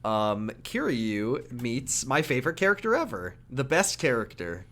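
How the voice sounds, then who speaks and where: A man co-hosting a podcast, chatting casually about a video game and acting out characters' lines in quick put-on voices. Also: medium pitch, big pitch swings, a bit bright. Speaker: podcast co-host.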